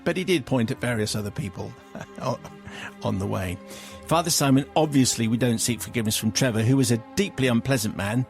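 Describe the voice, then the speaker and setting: Radio host guy reading out a letter, dry and measured, average pitch. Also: creaky, faint music behind. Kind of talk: reading a listener's letter aloud. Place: radio studio.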